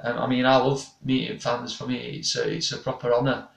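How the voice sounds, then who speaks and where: A young man rambles through a casual live chat with his viewers. His voice has a gravelly edge. He sits back from the mic in an echoey room. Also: medium pitch, little pitch movement, fairly quick, far from the mic. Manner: rambling, chatty, restarts often. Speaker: paranormal investigator and channel host. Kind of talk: casual live-stream chat reading comments.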